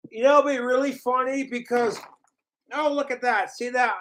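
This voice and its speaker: A man's voice: extremely high pitch, a little slow, a bit bright, slight background noise, poor audio. A man ranting casually to camera, profane and mocking about his trolls. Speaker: vlogger.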